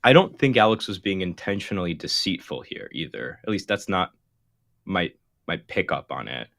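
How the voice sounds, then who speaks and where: Deep-voiced man, lively and earnest. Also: normal speed, creaky. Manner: earnest, clarifying, with restarts. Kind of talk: casual livestream discussion.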